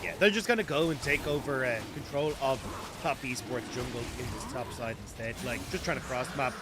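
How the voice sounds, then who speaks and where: A man's voice: medium pitch, brisk, background noise. A young Irish man giving chatty, analytical esports commentary and laughing easily.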